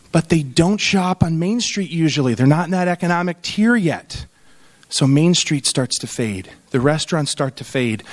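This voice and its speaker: A man with a notably high-pitched voice delivers a humorous summit talk. He is in his thirties and tells stories with quick comic asides. He acts out quoted lines from the people in his anecdotes. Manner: lively storytelling with comic asides and acted quotes. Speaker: keynote speaker on tourism. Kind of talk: humorous conference speech.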